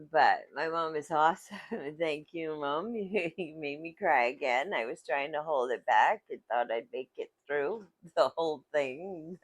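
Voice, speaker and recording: Low, slow-talking woman vlogger. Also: no echo. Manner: halting, searching for words. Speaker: vlogger sharing personal story. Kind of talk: casual reflective monologue. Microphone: phone.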